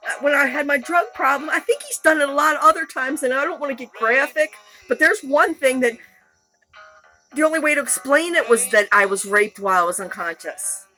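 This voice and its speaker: A woman's voice: sits high, fairly quick, sharp tone, rough recording. A woman telling her personal story in a raw, rambling monologue, blunt and profane. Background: music.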